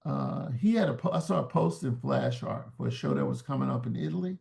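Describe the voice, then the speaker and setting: A man's voice: mid-range voice, a little fast, vocal fry, a little mellow. A man talking as an interview guest in a reflective, searching way, often restarting words mid-thought. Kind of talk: casual interview talk.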